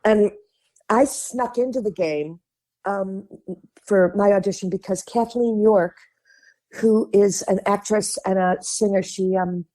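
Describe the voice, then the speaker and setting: A woman from Chicago with a Midwestern accent, a guest on a podcast, telling chatty and animated stories, laughing often and acting out the voices of people she quotes. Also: medium pitch, unhurried. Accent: Midwestern American. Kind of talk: casual interview storytelling.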